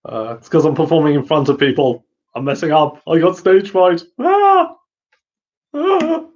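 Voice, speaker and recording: A man's voice: on the high side, animated, a little slow, darkish tone. A man hosting a casual live chat, rambling with lots of fillers and frequent giggles. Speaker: host answering viewer questions. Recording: muffled lo-fi audio.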